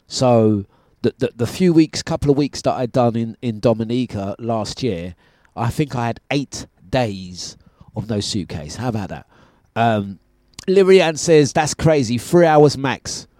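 Male radio host, chatty and animated, middle pitch, dry studio sound. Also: unhurried, no echo. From United Kingdom. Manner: chatty, animated storytelling with laughs. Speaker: radio breakfast show host. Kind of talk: casual on-air chat.

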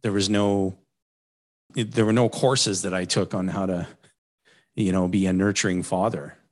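A man with a somewhat low voice hosts a casual interview, speaking reflectively and openly about his own experience. His talk is relaxed and conversational. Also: measured pace. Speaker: podcast host.

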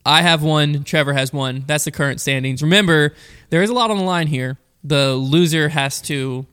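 A young man hosting a casual podcast chat, telling family stories with a joking, animated manner. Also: a little high, normal speed, clear, resonant tone. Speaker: podcast host.

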